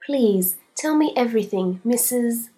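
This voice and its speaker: A polite, brisk woman detective in her thirties from an audio storybook, read by a woman. Her voice is husky and breathy, close to the reader's own. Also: fairly high pitch, lively intonation, mellow, pitched above the performer's own voice. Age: 30s.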